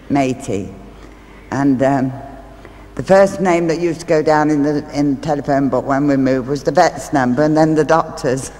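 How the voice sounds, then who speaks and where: A woman with a low voice works as a stage medium, sharing homely stories with a live audience and dropping in chatty asides. She's in a large theatre hall, and the recording carries that hall's reverb with faint ambience and slight background noise.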